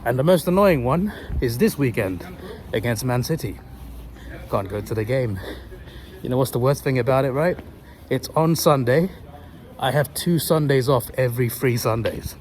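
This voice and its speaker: A young man vlogs into his phone while out on a city street. He tells a story at a steady pitch, rambling, doubling back and correcting himself as he goes. Clear traffic and street noise carry on behind him. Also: moderate pace. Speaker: vlogger. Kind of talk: casual chat. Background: passing cars and urban street noise.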